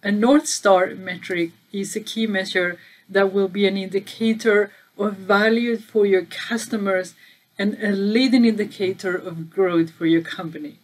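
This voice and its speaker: Woman explaining business metrics to camera. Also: mid-range voice. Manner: conversational, stresses key words, asks viewers questions. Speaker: channel host and data trainer. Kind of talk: casual explainer video.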